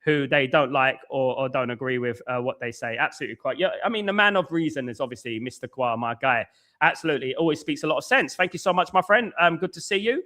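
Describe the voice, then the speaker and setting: Speaking fast with a sharp tone at medium pitch, a football channel host leads a live-stream talk show. His chat is repetitive and conversational, and he welcomes viewers from the chat by name.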